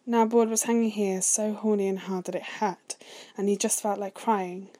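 Soft-spoken woman reading a story. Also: mid-range voice, fairly even intonation, normal speed. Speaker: story reader. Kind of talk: read-aloud fan fiction narration.

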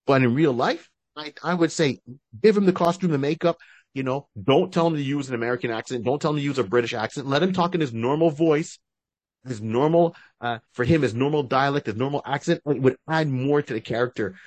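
The man speaks briskly at a medium pitch, with no echo. As a podcast co-host he chats casually and at length about fan-casting, and he often restarts what he's saying.

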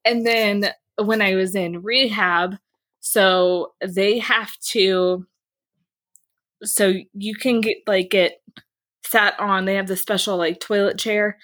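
A woman's voice: mid-range voice, fairly even intonation, slow pace, fairly bright tone. A woman chatting casually on a podcast, telling a candid story with lots of fillers and laughs.

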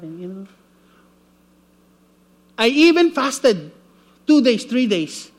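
High-voiced man preaching an animated sermon. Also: moderate pace, pauses often. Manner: animated storytelling, acting out voices.

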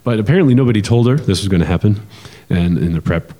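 A man with a deep, mellow voice talks through ideas in a relaxed podcast conversation. He is animated and explanatory, often restarting phrases and filling pauses. The sound carries a long, hall-like reverb. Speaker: podcast co-host. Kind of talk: casual conversational podcast talk.

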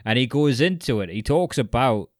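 A man chatting casually as a podcast co-host, telling a story with animated asides and casual swearing. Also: mid-range voice, moderate pace, dry recording, studio quality. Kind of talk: casual chat.

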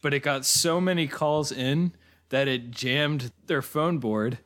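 A man's voice: medium pitch, slow, a bit bright. A man co-hosting a podcast, thinking aloud and musing in a casual review chat. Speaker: podcast co-host.

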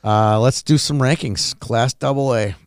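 Man, podcast host, casual chat, teasing, gravelly, dry sound. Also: mid-range voice, measured pace, dry recording. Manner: teasing, chatty, reads sponsor plugs conversationally.

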